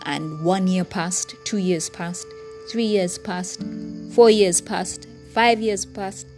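A woman's voice: medium pitch, a little slow, soft background music. A woman hosting a podcast, speaking earnestly and from the heart straight to her listeners in a reflective personal monologue. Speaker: podcast host.

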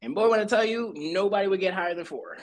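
A man co-hosting a casual podcast recap, telling the story with lively swings and quick acted-out lines. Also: high voice. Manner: animated storytelling, acting out lines in quick voices. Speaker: podcast co-host.

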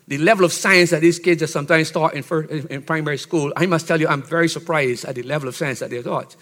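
A pastor preaching an expository sermon in a teacherly way, checking in with his listeners and building up to loud, emphatic exhortation. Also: on the high side, steady tone, quick pace. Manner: teacherly, checks in with "Okay?" and "See?".

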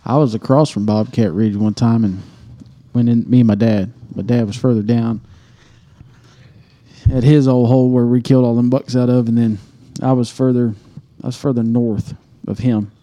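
A man's voice: medium pitch, steady tone, moderate pace, dark tone. A man on a podcast, telling a hunting story casually, swearing and acting out his own reactions. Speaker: podcast co-host.

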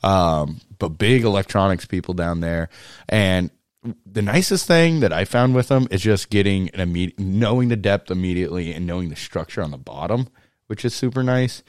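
A man's voice: low-pitched, expressive, normal speed, dry recording, studio quality. A man co-hosting a podcast in casual chat, blunt and joking, laughing often and trailing off with fillers. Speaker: podcast co-host.

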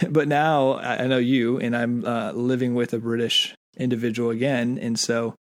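This is an American man co-hosting a conversational podcast. His voice is mid-pitched, and he talks in an earnest, thoughtful way, often stopping to restart his sentences. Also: level tone, moderate pace. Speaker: podcast co-host. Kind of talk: casual podcast chat.

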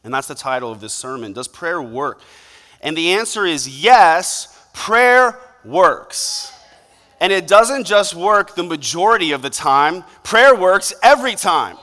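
A young man delivers a sermon in a casual, conversational way, slipping into quick acted-out asides. His voice is bright and forceful and sits a little high for a man. The sound rings with a long hall reverb. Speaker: pastor.

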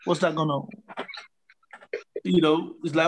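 A man's voice: a little high, unhurried, slight background noise. A man speaking as a panel guest in a casual discussion, earnest and full of "you know" fillers.

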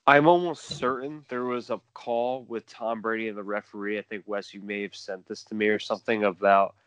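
A man co-hosting a casual sports podcast, talking excitedly, repeating himself and mimicking players. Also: lowish voice, brisk, clean tone, dry recording. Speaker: podcast co-host.

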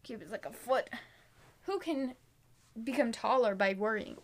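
Chatty earnest teenage girl, slightly high. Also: lively intonation, unhurried, gravelly, pauses often. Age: late teens. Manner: chatty, many "like" fillers, self-correcting, earnest. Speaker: faith encouragement vlogger. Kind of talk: casual devotional chat with scripture reading.

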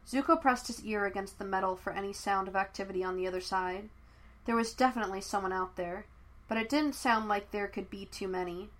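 A woman's voice: mid-range voice, fairly quick. Woman reading a story aloud. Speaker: fan fiction reader. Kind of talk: audiobook narration.

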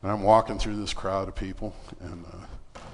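A man's voice: low voice, moderate pace, long reverb tail. A man preaching in church, telling a personal story in a casual, conversational way and acting out the voices in it. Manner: casual, conversational storytelling with fillers and animated quoted dialogue.

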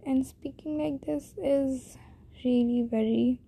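A teenage girl with an Indian accent talks through her podcast in a slow, hesitant ramble. Her slightly high voice is dark and mellow with a breathy edge. She sounds shy and self-deprecating. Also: steady tone. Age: teens. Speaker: podcast host. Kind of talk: casual solo podcast monologue.

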